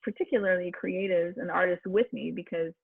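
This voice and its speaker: Woman, voice coach, husky, encouraging, chatty, phone-like video-call sound, dry. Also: fairly low pitch, fairly even intonation, brisk, no room sound. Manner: encouraging, chatty, with fillers and restarts. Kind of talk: online public speaking class.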